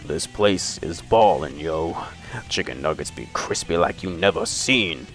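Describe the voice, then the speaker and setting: Swaggering young guy, low and slangy, done by a gamer putting on a deep voice. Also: a little slow, faint music behind. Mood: boastful. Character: swaggering young man reviewing fast food. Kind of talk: gaming chat impression.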